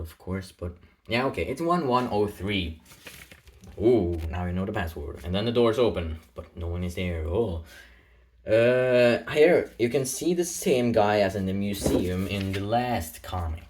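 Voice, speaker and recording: A man's voice: lowish voice, a little slow, darkish tone. A man casually retelling a comic in a rambling, playful way, throwing in sound effects. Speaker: comic narrator.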